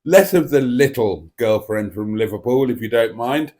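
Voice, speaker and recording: A man's voice: medium pitch, moderate pace, darkish tone. A man hosting a casual live stream from his dining table, speaking into a desk microphone in a rambling, self-mocking, theatrical way. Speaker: livestream host. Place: home dining room.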